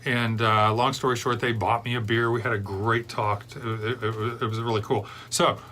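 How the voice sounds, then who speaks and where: Middle-aged man, beer show host, chatty digressive talk, bright forceful tone, faint hiss behind. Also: medium pitch, little pitch movement, moderate pace. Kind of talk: rambling casual chat.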